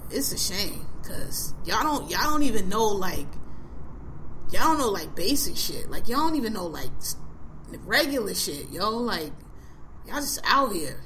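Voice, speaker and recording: A woman's voice: medium pitch, big pitch swings, a little slow, sharp tone, a little hiss or hum. A woman in her forties hosting a podcast, ranting bluntly and with heavy profanity in casual chat. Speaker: podcast host.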